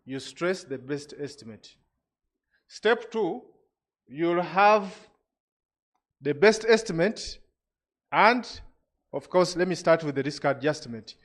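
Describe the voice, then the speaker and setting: A man presenting regulations to an industry audience, explaining step by step with frequent restarts. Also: on the high side.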